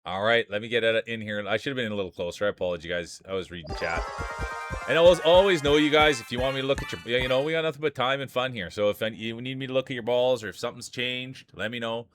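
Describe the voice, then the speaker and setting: A man's voice: mid-range voice, fast, fairly bright tone, soft background music. A man streaming live, calling marble races like a sports announcer and greeting viewers by name. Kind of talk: live stream race commentary.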